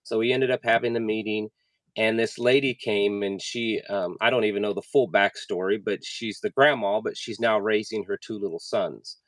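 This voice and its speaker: A man hosting an interview, telling a personal story in an earnest, halting way with many restarts. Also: lowish voice, fairly even intonation, no room sound. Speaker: podcast host. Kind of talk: casual conversational interview.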